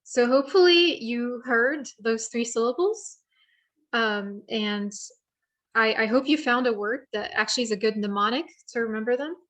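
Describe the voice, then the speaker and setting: A woman's voice: on the high side, moderate pace, fairly bright tone. A young woman presenting an online bird identification workshop, explaining in a friendly way with frequent fillers, over a computer mic on a video call.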